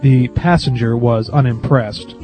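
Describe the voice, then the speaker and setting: A male radio host reads jokes and stories in a wry, storytelling manner. His voice is mellow and mid-pitched, with faint music behind it. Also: fairly even intonation, unhurried. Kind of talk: reading jokes on air.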